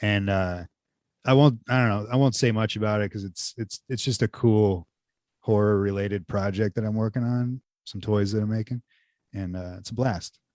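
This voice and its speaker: A man's voice: on the low side, steady tone, normal speed, darkish tone, no room sound, studio quality. A man co-hosting a podcast in casual chat, rambling loosely and full of "like" fillers. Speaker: podcast co-host.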